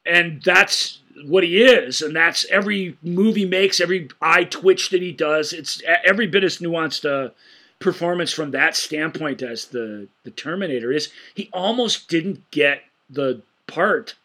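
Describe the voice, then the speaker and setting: Male podcast co-host, bright tone, eager and excitable, trips over his words when excited. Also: on the high side, a little slow. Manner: enthusiastic, animated retelling with frequent stammered restarts. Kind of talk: casual film-discussion podcast chat.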